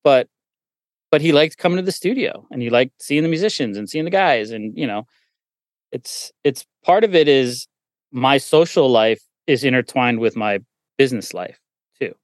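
A man's voice: mid-range voice, animated, normal speed, no echo. A middle-aged man, a recording engineer and guest, telling stories casually with lots of "you know" and restarts. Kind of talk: casual storytelling in a conversation.

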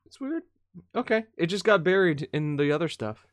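A man co-hosting a live stream, chatting in a jokey, animated way. His pitch swings widely as he talks. He is recorded close and dry. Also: no room sound. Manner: jokey, animated, quick to laugh. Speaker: stream co-host. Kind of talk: casual chat.

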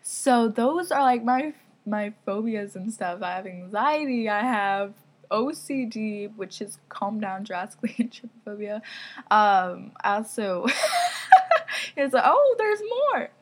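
Giggly young woman with a husky voice. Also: mid-range voice, slow. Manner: chatty, giggly, lots of "like" fillers. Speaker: podcast host. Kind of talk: casual storytelling.

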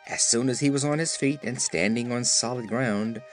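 A man narrating an audiobook with expressive storytelling. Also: medium pitch, moderate pace, soft background music. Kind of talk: scripted narration.

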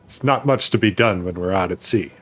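A man's voice: sits low, fairly quick, fairly bright tone, faint music behind. Man playing a dry, seasoned dwarf sailor. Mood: wry.

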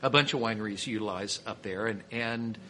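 A man's voice: fairly low pitch, brisk, pushed and bright, a little hiss or hum. A man from Kansas City, a winery owner and sommelier, telling stories as a podcast guest in a chatty way with many restarts. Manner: chatty storyteller with frequent restarts. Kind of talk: casual storytelling interview.

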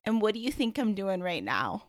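Easygoing storybook fisherman, unhurried, voiced by a woman. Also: medium pitch, no echo, studio quality, lightly acted. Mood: calm. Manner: calm, gently questioning. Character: calm, contented fisherman, adult male. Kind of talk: storybook read-aloud.

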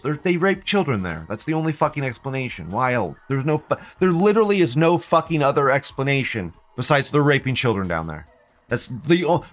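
A man's voice: mid-range voice, very animated, brisk, fairly bright tone, faint music behind. A man hosting a live stream, ranting in a profane, agitated way and firing off repeated questions. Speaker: livestream host. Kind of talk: live-stream rant reading chat.

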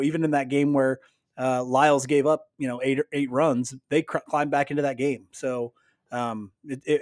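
A man co-hosting a casual sports podcast, talking in a halting way with frequent restarts. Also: medium pitch, a little mellow, no room sound, clean studio sound. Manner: halting, many restarts and fillers. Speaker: podcast co-host.

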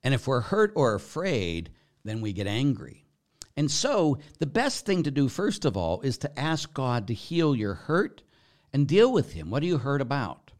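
A man, a Catholic priest hosting a podcast, talks bluntly and with passion, moving from loud emphatic lines to near-whispers. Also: mid-range voice, wildly swooping pitch, unhurried. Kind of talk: podcast monologue answering questions.

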